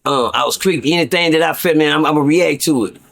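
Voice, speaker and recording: Middle-aged man, higher pitch, casual storyteller, profane, stammering repeats. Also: fast, gravelly, a bit bright. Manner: profane, repetitive, stammering restarts. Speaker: guest storyteller.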